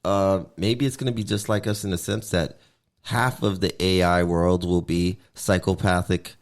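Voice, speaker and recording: A man's voice: low voice, steady tone, moderate pace. A man co-hosting a casual podcast, musing loosely and swearing freely. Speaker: podcast co-host. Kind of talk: casual chat.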